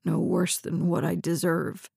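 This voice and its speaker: Woman doing a gravelly, bitter injured man. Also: fairly low pitch, steady tone, a little slow, dark tone, dry recording, studio quality. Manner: curt, bitter, mumbling. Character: injured bitter young man in hospital bed.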